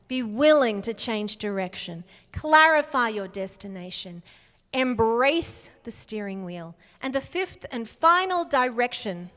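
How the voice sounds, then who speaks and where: A middle-aged woman giving a motivational keynote talk in a large hall, speaking slowly and emphatically with clear enunciation. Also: fairly high pitch, bright, forceful tone. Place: large hall before a live audience. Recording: long hall reverb.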